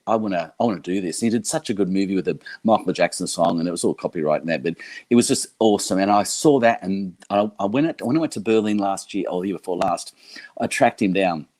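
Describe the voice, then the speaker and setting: A man's voice: low voice, a little mellow, no room sound. A man, chatting casually on a livestream, rambling with many fillers and restarts. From Australia. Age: 60s. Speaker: YouTube creator and electric skateboard rider.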